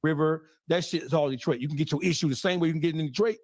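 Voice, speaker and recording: A man's voice: a little high, racing, darkish tone. A man in a played clip talking in a brash, swaggering, profane way about his channel and a city's history. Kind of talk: boastful podcast talk.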